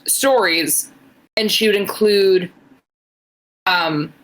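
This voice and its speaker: Tipsy female podcast co-host, bright tense tone, loose rambling chat. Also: medium pitch, drawn-out words. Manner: rambling, uses "like" a lot. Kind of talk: casual chat.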